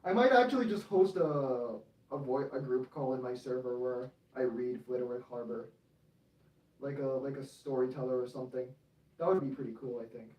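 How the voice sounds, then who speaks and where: A young man streaming his model railway layout in casual commentary, excitable and prone to yelling at the trains. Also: mid-range voice, moderate pace. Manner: excitable, yells at toy trains.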